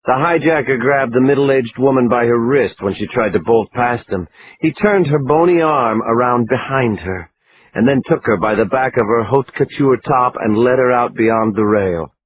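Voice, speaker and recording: A man's voice: medium pitch, normal speed, husky. Man narrating a thriller audiobook. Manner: dramatic, expressive reading. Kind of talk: scripted narration. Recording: lo-fi phone-like line, faint hiss.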